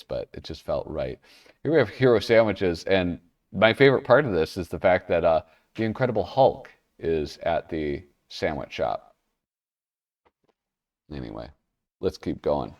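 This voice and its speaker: Male host, lowish and expressive, chatty magazine flip-through, slightly off-mic. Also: normal speed, distant mic. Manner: rambling, self-interrupting, chuckling asides. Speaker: comic magazine reviewer, show host. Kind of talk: casual commentary while flipping pages.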